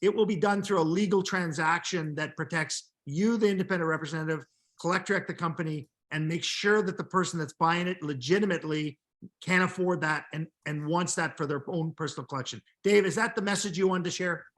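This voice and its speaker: A man's voice: a little high, brisk, fairly bright tone. Earnest man explaining company policy. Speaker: host of live company call. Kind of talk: explanatory business talk. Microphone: video call.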